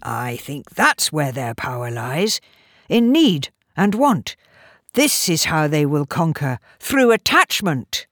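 A woman voicing a calm, clever man giving orders in a storybook reading, measured and commanding. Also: low-pitched, no echo, studio quality, full character voice. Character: calm, clever male time traveller.

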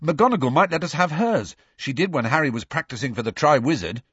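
A man's voice: fairly high pitch, expressive, a little fast, fairly bright tone, breathy edge, no echo, pitched above the performer's own voice. A man voicing an eager schoolboy. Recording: dry, slightly dull recording.

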